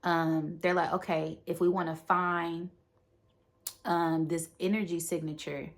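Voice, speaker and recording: A woman's voice: fairly low pitch, little pitch movement, measured pace. A woman giving a casual, rambling movie recap with lots of fillers. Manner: rambling, with many fillers and acted-out quotes. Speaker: movie reviewer.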